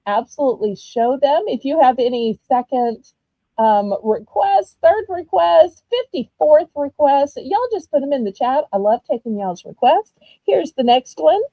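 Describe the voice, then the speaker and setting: Woman, Southern accent, live auction host, chatty storyteller, higher voice, dry dull sound. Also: dry recording. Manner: chatty, animated storytelling with many ums. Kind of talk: casual live-stream selling chat.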